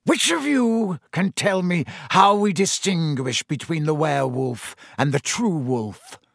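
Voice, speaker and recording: A cold, contemptuous schoolmaster, put on by a male reader, spacing out each clipped word and sinking into a soft, menacing hush. His pitch swings widely between sneer and whisper, and the recording is dry and close. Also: expressive, creaky, dry recording, exaggerated voice. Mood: cold scorn. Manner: slow, clipped and icily deliberate, dropping to a soft menacing hush.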